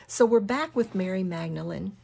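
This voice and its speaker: Husky, gravelly woman teaching scripture. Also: medium pitch, animated. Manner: drops to a hushed whisper for emphasis; repeats key phrases slowly. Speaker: Bible study teacher.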